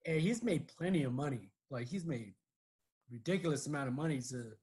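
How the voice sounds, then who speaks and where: A man's voice: medium pitch, lively intonation, brisk, a little mellow. A man co-hosting a podcast in casual chat, rambling through stories full of "like" and "you know". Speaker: podcast co-host.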